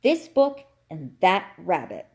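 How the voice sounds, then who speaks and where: A woman's voice: fairly low pitch, huge pitch swings, slow, gravelly, darkish tone, heavily acted. A woman doing a smug know-it-all cat. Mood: lecturing. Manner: coolly explaining, condescending.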